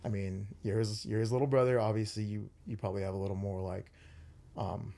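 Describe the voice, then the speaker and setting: A man's voice: fairly low pitch, flat delivery, fairly quick, vocal fry, mellow. A young man hosting a podcast, talking earnestly with many fillers and restarts. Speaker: podcast host. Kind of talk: casual chat.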